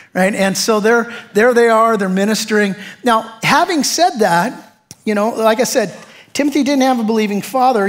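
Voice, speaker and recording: Man, middle-aged, pastor delivering a chatty, punchy sermon. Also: high-pitched. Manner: conversational, emphatic preaching with rhetorical questions.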